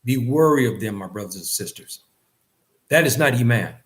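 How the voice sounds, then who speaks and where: A man teaching a lesson on faith in an earnest lecture style, repeating phrases and rising in pitch on key points. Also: lively intonation, moderate pace. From West Africa. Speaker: religious teacher.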